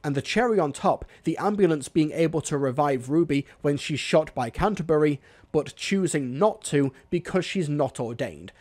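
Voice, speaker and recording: Guy reviewing a tv episode, measured and analytical, slightly high voice, dry jokes. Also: expressive, a little mellow. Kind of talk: scripted video review narration.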